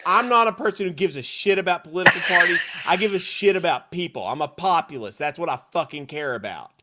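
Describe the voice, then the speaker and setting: A man co-hosting a sports podcast in casual chat, sarcastic and quick to swear, laughing often. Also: a little high, lively intonation, heavy background noise. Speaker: podcast co-host.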